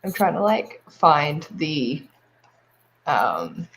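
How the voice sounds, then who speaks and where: A hoarse Australian woman hosting a casual livestream chat, trailing off as she looks for words. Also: sits low, very animated, very slow, fairly bright tone. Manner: rambling, trailing off. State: hoarse from coughing. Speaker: livestream host.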